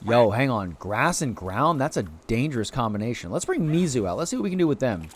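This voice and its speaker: Lively excitable male game streamer. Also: brisk. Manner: excitable, chatty, bursts of high-pitched exclamations. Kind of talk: live gameplay commentary.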